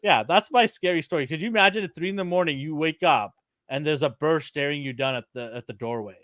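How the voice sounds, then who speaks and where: A man co-hosting a podcast, telling a story in casual chat, animated and laughing, acting out the quotes. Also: on the high side, fast talker, no room sound, studio quality. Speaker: podcast co-host.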